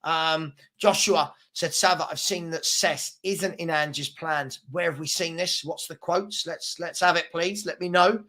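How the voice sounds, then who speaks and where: Bright-voiced rambling football host. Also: male voice, fairly high pitch, measured pace, few pauses. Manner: rambling, repeats words, reacts to chat comments. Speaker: host of a daily football livestream. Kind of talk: casual livestream chat reading comments.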